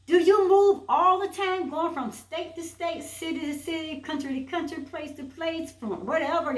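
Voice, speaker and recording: Woman, motivational preacher, high voice, rhetorical questions, roomy echo. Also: moderate pace, hardly any pauses. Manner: repetitive rhetorical questions, emphatic. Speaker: inspirational speaker.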